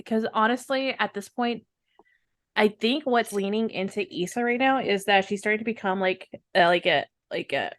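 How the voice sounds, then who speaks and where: A woman plays in a tabletop game and rambles through her character's motives, leaning on fillers and restarts. Her voice has an ordinary pitch for a woman. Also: normal speed, fairly bright tone. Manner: rambling, laughs often. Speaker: player. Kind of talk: casual tabletop game play.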